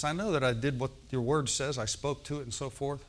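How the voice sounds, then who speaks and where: A man's voice: medium pitch, fairly quick. A middle-aged man preaching a sermon in a conversational way, often checking in with "okay?" and "amen". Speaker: pastor.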